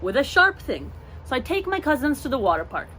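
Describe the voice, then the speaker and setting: A young woman telling a storytime vlog story in an animated way, acting out the voices of the people in it. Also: high voice, a little fast, a little hiss or hum. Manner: animated, acts out voices in her stories. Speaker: vlogger.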